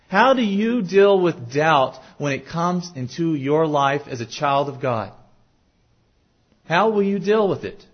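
Man, pastor, sermon, earnest questioning delivery, somewhat high voice, muffled lo-fi recording. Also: slightly rough. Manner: earnest, asks the congregation questions. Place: church sanctuary. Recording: dull lo-fi recording.

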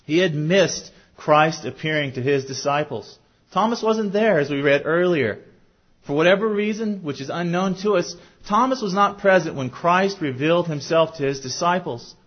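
A man's voice: fairly high pitch, expressive, normal speed. A man preaching a sermon to his congregation, earnest and often putting questions to the room. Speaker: pastor. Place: church sanctuary. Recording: dull lo-fi recording.

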